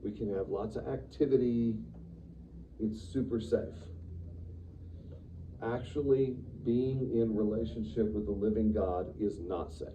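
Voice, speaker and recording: A man teaching a church Sunday school class in a lively, conversational way, acting out the quotes he reads. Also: lowish voice, measured pace, pauses often. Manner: animated, conversational, acts out quotes with sudden loud bursts. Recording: distant, dull room recording with faint noise.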